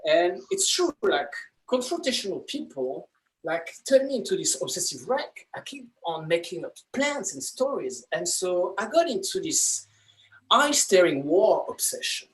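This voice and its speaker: A man's voice: high-pitched, a little slow, rough recording. A man, doing a playful stand-up set over a video call. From France. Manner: animated storyteller, playful. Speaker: comedy student performer.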